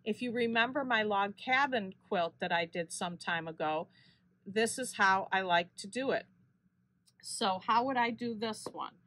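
A woman walks through a quilting tutorial at a slow, patient pace. Her voice sits at an ordinary middle pitch, and she fixes small slips as she goes. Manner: steady step-by-step explaining with small self-corrections. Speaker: quilting channel host. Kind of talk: unscripted sewing tutorial.

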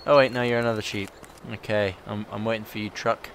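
A man's voice: fairly low pitch, fairly even intonation, brisk, fairly bright tone, a little hiss or hum. A man chatting playfully while playing a game, reading characters aloud in put-on voices.

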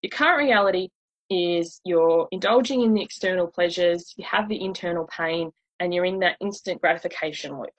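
Woman, weight loss coach giving a slide talk; breathy, chatty, relatable. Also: fairly low pitch, a little fast, rough recording. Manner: chatty and relatable, acts out inner voices.

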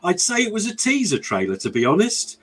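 A man's voice: high voice, wildly swooping pitch, a little fast, slightly rough. A man co-hosting a gaming podcast, wry and joking. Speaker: podcast co-host. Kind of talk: casual chat.

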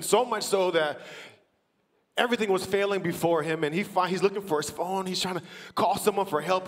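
A man with a high voice tells a story from a church stage, acting out the quotes and climbing into shouted praise. His voice rings through a big room with a long reverb. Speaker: church team member telling a story. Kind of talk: testimony preached from the stage. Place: large church auditorium.

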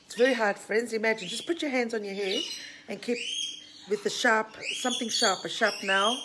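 A woman's voice: on the high side, normal speed. Woman filming herself on a phone, plain outspoken chat, squawking birds and noise behind. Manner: chatty, blunt, scolding, coos at her birds. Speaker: vlogger. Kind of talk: casual talk to camera. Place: home with a bird deck, indoors. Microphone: handheld phone camera. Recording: noisy home with squawking birds.

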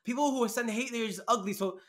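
A man's voice: very high voice, very fast, a bit bright. A man co-hosting a podcast, talking in a heated, mocking way and telling stories with lots of animation. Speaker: podcast co-host. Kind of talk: casual podcast chat.

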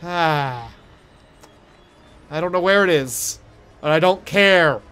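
A young man giving let's play commentary on a horror game, jumpy and profane, yelling at monsters and taunting them. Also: a little high, takes it slowly, clean tone. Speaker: gaming streamer.

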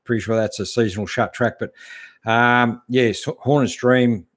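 A middle-aged Australian man hosting a casual live stream, reading out viewers' comments and answering them in a relaxed, chatty way that keeps coming back to "mate". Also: medium pitch, normal speed. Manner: laid-back, chatty, calls everyone mate. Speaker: host answering live chat.

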